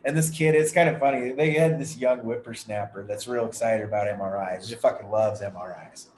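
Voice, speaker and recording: A man's voice: lowish voice, brisk, a little mellow. A man on a podcast telling a long, profane, frustrated story in casual chat. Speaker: podcast co-host. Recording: echoey room with faint background noise.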